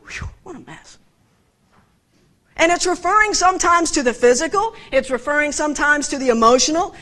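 A woman preaching a conversational sermon, animated and often putting direct questions to her listeners. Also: sits high.

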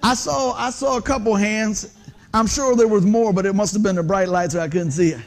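A man's voice: high-pitched, fairly quick. A pastor in his fifties preaching a conversational sermon in a church, quizzing the congregation and joking about himself. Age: 50s. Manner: animated, quizzes the congregation, self-deprecating humor. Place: church sanctuary under stage lights.

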